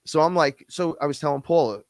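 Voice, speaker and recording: A man ranting in a casual, blunt, profane way on a podcast, quick and heated, often slipping into imitations of other people. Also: fairly high pitch, no room sound. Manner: blunt, profane, fast-talking, mimics others. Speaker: podcast guest-host. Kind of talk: casual rant.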